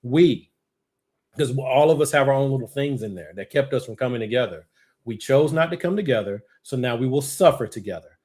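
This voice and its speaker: A man's voice: animated, brisk, a little mellow. Impassioned man hosting political commentary. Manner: impassioned, rhetorical, pitch rising when worked up. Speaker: show host.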